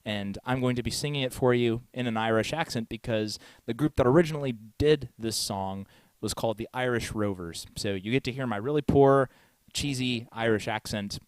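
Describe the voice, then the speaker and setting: A man's voice: mid-range voice, normal speed, smooth, no echo. A man hosting a live music stream, chatting casually with lots of fillers and frequent chuckles.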